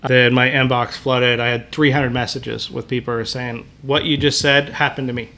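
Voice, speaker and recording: A man recounting his hunting encounters on a podcast. His voice sits at an ordinary middle pitch, and he rambles loosely, dropping "like" into almost every sentence. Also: little pitch movement, moderate pace, bright, forceful tone. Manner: rambling, full of "like" fillers. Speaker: podcast guest telling hunting stories. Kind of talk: casual storytelling.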